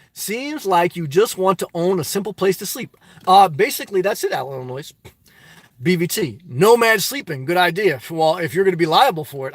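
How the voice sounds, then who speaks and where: A man with a New Jersey accent hosting a casual livestream, answering chat with animated rhetorical questions that swing from loud to soft. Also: on the high side, no room sound. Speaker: livestream host reading chat. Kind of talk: casual live chat monologue.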